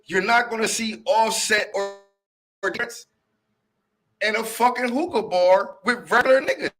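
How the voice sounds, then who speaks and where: A man in a casual debate among friends, speaking in profane slang and pressing his point insistently, loud at times. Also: high-pitched, a little slow, over music.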